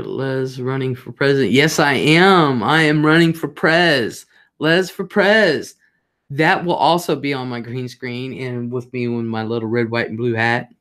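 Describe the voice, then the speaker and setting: A woman hosting a casual livestream, chatting straight to her viewers in a rambling, talkative way. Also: rumbling low. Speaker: livestream host.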